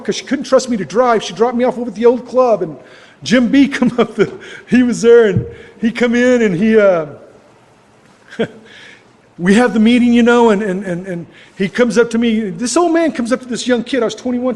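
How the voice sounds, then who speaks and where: A man's voice: high voice, darkish tone. Plainspoken older man in an echoey hall. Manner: plainspoken, rambling, lots of "you know, and". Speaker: recovery meeting speaker. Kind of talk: personal story told to a meeting. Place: club meeting hall.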